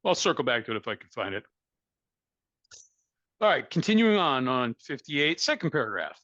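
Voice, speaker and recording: A man's voice: mid-range voice, big pitch swings, a bit bright, dry recording. A man reading aloud over dull, dry audio. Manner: reads passages aloud slowly. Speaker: study group leader. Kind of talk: leading a reading group.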